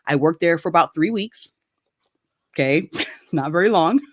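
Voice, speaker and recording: A woman telling a story in casual chat, recorded dry and close on a video call. She talks animatedly, laughs often and swings her pitch widely as she acts out quoted voices. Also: animated, moderate pace, dry recording. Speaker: guest.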